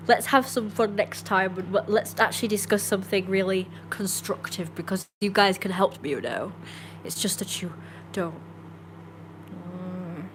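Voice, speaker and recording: A young woman with a slightly low voice chats through a live stream at home. She is playful and teasing, rambling loosely and joking with her viewers. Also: slight background noise. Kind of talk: casual chat with stream viewers. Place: indoors at home.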